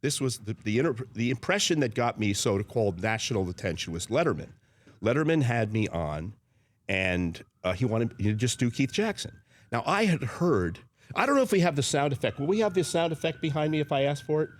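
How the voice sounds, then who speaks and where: A man in his sixties, a guest on a sports radio show, telling animated stories and slipping into impressions. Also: mid-range voice, brisk. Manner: animated storyteller who slips into impressions. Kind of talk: casual studio radio chat.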